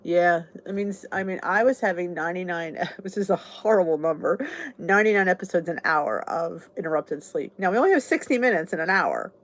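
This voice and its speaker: Casting: middle-aged woman vlog host, chatty and candid, animated pitch swings. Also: brisk. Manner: chatty and candid, laughs often, oversharing. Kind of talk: casual chat with viewers.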